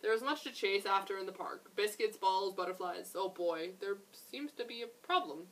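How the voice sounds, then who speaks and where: A young woman, a children's librarian, reading a picture book aloud in a gentle, expressive way with chatty asides. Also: mid-range voice, moderate pace, recorded from a distance, slight background noise, rough recording.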